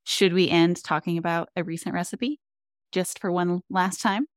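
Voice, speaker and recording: A young woman with a low, smooth, resonant voice, chatting upbeat on a podcast. She tells little stories with plenty of enthusiasm, recorded close and dry. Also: steady tone, moderate pace, no room sound. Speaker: podcast co-host. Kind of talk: casual chat.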